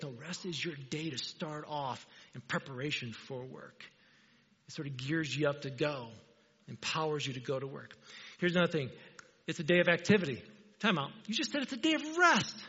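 A man's voice: on the high side, expressive, a little fast, bright, forceful tone, husky. A man preaching a conversational sermon in a church sanctuary, putting questions to the congregation and joking along the way. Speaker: pastor. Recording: dull, reverberant church hall.

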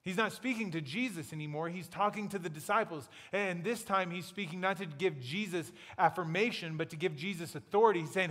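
A man with a fairly high voice preaches a sermon, telling the story in a relaxed, playful, conversational way. His voice rings out with a long reverb, as in a large church hall. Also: fairly quick, hardly any pauses. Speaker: pastor.

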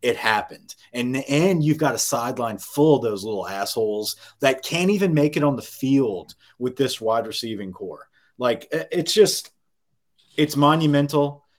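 A man co-hosting a casual sports podcast, telling stories in an excited, profane rush. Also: medium pitch. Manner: excited, profane, rapid storytelling.

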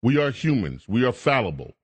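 A man's voice: mid-range voice, big pitch swings, a little fast, breathy edge. Radio host guy ranting hard, scolding, voice jumps all over. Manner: fiery, scolding, emphatic. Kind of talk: political commentary rant.

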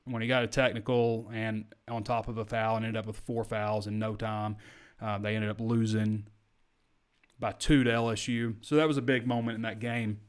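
A man's voice: lowish voice, little pitch movement, moderate pace, clear, resonant tone. A man hosting a sports podcast, talking casually through game stats and correcting himself as he goes. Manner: chatty, self-correcting, stat-heavy. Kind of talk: casual sports talk show.

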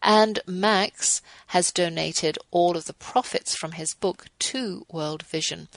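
Fifties lady radio host, low gravelly voice, dry close sound, earnest and devotional. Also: dry recording, rough recording. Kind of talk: reading aloud and closing remarks.

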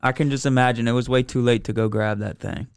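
A man's voice: mid-range voice, steady tone, fast, gravelly, smooth. A man in casual chat, reacting with laughs to a friend's story.

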